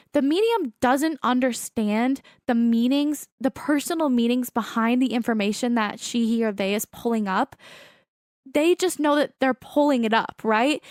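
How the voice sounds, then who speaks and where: A woman's voice: sits high, dry recording, clean studio sound. A young woman hosting a podcast, talking casually about mediums with many fillers and self-corrections. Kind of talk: casual chat.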